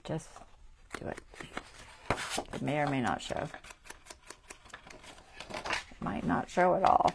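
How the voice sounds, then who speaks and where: Gravelly low-voiced woman crafting. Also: slow, long pauses, very noisy. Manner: chatty, thinking aloud while working, often trailing off softly; laughs easily at herself. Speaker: craft channel host. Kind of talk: casual crafting livestream chat.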